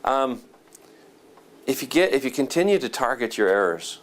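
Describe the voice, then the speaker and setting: A man's voice: mid-range voice, sing-song, moderate pace. A male teacher talks with his class in a chatty, encouraging way, asking questions. Faint noise sits behind his voice in the classroom. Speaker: teacher leading a class discussion. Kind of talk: classroom discussion.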